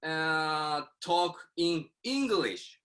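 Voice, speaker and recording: A man's voice: fairly high pitch, animated, extremely slow, fairly bright tone. A Japanese man hosting a casual video call in English, his second language, hesitant and full of fillers. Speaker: channel host.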